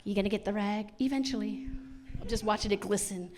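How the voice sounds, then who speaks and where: A woman's voice: medium pitch, a little fast, a little mellow. A middle-aged woman performing a stand-up comedy set, chatty and punchy, acting out lots of quoted lines. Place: on stage at a comedy show.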